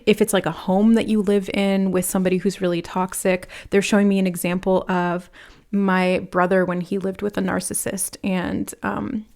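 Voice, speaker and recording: A woman reads tarot cards for her viewers, her voice sitting in a plain middle register. She talks fast in loose, animated bursts, packed with fillers, and slips into quick imitations of the people she describes. She speaks to the listener directly and earnestly. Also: mid-range voice, gravelly. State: nervous, laughing from nerves. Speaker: tarot reader. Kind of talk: pick-a-card tarot reading.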